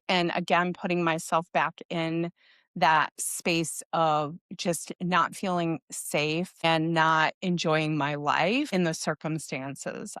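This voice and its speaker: A middle-aged woman hosting a podcast, talking casually to listeners and quietly leading a guided tapping routine. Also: on the low side, clear, resonant tone, dry recording, studio quality. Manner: chatty, addresses listeners as "you guys". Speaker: podcast host.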